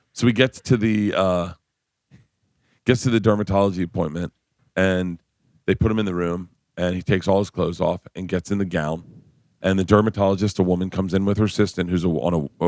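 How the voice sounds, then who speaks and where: A comedian in his fifties telling stories as a guest on a radio show, acting out quotes with a shrill voice. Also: fairly even intonation, fairly quick, darkish tone, no echo, studio quality. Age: 50s. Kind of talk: casual storytelling chat. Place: radio studio.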